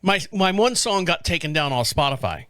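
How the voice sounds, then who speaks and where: Rambling, profane storyteller man, high voice, dry close mic. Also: sing-song, moderate pace, sharp tone, dry recording. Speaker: podcast host. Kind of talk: casual solo monologue.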